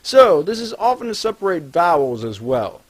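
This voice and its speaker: Lively-pitched man teaching pronunciation. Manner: clear, deliberate, enunciating examples slowly. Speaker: language tutorial narrator. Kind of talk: scripted instructional voice-over.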